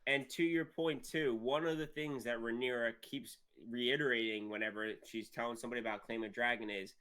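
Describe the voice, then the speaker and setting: A man's voice: mid-range voice, fairly even intonation, brisk, bright, forceful tone. A man co-hosting a podcast in casual chat, recapping scenes step by step and acting out lines. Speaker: podcast co-host.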